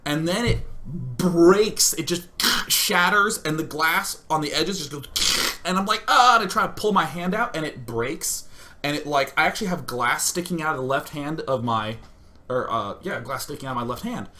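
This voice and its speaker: Excitable bright-voiced man telling a story. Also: on the high side, normal speed. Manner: excitable, self-mocking, loud acted outbursts. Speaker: gaming streamer host. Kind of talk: animated comic storytelling. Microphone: streaming setup facing a webcam.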